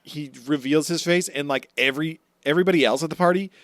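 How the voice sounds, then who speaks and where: A man's voice: fairly high pitch, fast talker, a bit bright, no room sound. Laid-back man recapping episodes. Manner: laid-back, rambling retelling with filler words. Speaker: podcast co-host. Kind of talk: casual chat recapping anime episodes.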